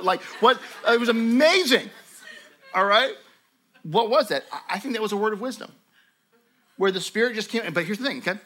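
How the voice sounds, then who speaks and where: A man teaching a sermon as pastor, telling stories in a lively conversational way with frequent asides to his listeners. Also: sits high, moderate pace, pauses often. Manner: animated storytelling, conversational asides.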